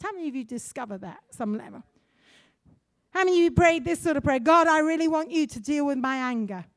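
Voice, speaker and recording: Woman preacher, very high voice, lively storytelling, dry close sound. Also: no echo. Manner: animated, asks the congregation questions. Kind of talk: sermon storytelling.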